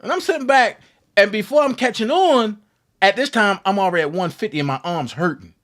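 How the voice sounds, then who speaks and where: Young guy telling a story, voice bouncing all over, higher than most guys. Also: lively intonation, brisk. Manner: acts out quotes with big loud jumps in voice. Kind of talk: animated storytelling.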